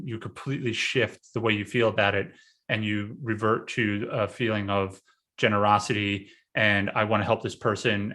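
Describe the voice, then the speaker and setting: A man with a lowish, forceful and bright voice talks in a casual podcast conversation. He hesitates often, restarting phrases and filling pauses with ums and likes as he works out his thoughts. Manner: halting, many fillers and restarts. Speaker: podcast host, guest this episode.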